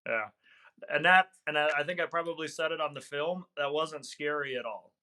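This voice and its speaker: A man's voice: a little high, normal speed, pushed and bright. A middle-aged man, a hunting guide, telling a story in conversation, earnest and reflective, with some fillers and restarts. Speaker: hunting guide, podcast guest.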